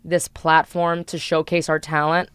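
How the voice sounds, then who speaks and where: A woman's voice: deep voice, flat delivery, a little slow, fairly bright tone, smooth, dry recording, clean studio sound. A woman co-hosting a podcast, a voice actor talking candidly and upbeat about her work. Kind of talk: casual podcast chat.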